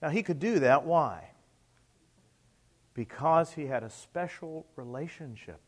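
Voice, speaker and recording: A middle-aged male pastor preaching a sermon, emphatic, with rhetorical questions and swings between loud and soft. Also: fairly high pitch, animated, unhurried.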